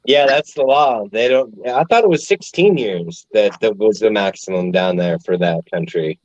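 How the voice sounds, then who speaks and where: A man chatting on a casual podcast with deadpan jokes. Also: lowish voice, moderate pace, no echo. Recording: dull, dry lo-fi sound.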